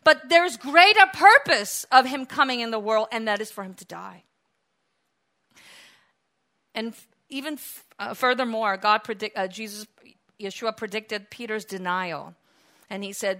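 A woman delivers a sermon in a high, bright voice. She drops low and quiet for reflective stretches, then rises loud and emphatic. She plays out the quoted words dramatically. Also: normal speed. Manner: dramatically acts out quoted lines. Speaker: preacher.

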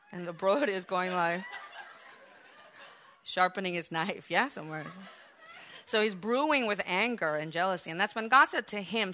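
A woman preaching a sermon, acting out the quoted biblical figures with lively, raised delivery. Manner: animated, acts out biblical quotes with raised pitch and volume.

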